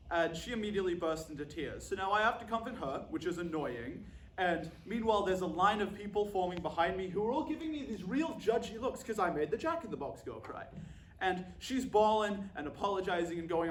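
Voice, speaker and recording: A man delivering a scripted comic monologue in a dry, deadpan way. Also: high voice, a little fast, echoey room, a little hiss or hum.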